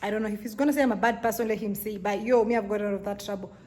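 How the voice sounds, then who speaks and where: Young woman vlogger, mid-pitched voice, venting in a lively, fed-up story. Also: racing. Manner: animated, exasperated storytelling. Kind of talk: casual storytelling vlog.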